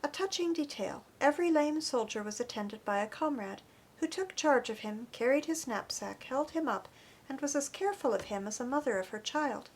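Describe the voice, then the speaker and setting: A woman reading an audiobook chapter in an earnest, expressive narration. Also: high voice, moderate pace, slightly rough. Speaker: audiobook reader. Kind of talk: scripted narration.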